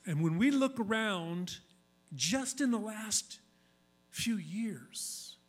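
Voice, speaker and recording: A male pastor giving a sermon in a conversational, emphatic style, repeating key phrases for weight. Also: high-pitched.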